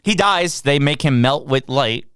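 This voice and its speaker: A man's voice: mid-range voice, expressive, measured pace, fairly bright tone, smooth, dry recording, studio quality. A man co-hosting a podcast, recapping a film in casual chat with an exasperated, sarcastic edge. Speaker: podcast co-host. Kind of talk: casual movie review chat.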